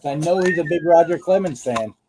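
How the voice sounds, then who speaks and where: A man's voice: on the high side, brisk, background noise. A man hosting a live card-sale stream, chatting casually and listing cards as he shows them.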